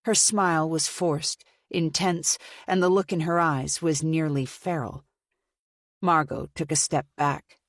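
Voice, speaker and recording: A woman reads a suspense novel aloud in a steady, measured way. Her voice sits low, and the recording is close and dry, with no room sound around it. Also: dry recording. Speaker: audiobook narrator. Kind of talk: scripted audiobook narration.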